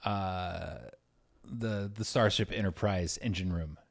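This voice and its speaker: Hesitant low-voiced podcast co-host. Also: male voice, slow, creaky. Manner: hesitant, repeats words, thoughtful. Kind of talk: casual chat.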